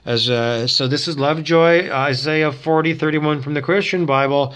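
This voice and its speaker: A man's voice: a little high, normal speed, a bit bright, clean tone. A man hosting a talk show, rambling and digressing as he thinks aloud, with many fillers and restarts. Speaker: show host. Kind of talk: rambling casual monologue.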